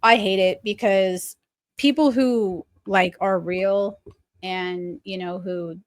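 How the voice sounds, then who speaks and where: Halting, ranting woman podcaster. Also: medium pitch, fairly even intonation, no room sound, studio quality. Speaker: podcast co-host. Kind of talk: casual chat.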